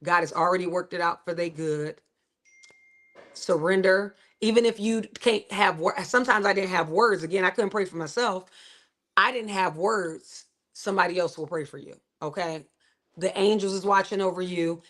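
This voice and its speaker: A woman's voice: on the low side, moderate pace, a bit bright. A middle-aged woman, hosting a livestream and giving a motivational faith talk with emphatic, repetitive phrasing. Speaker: livestream host.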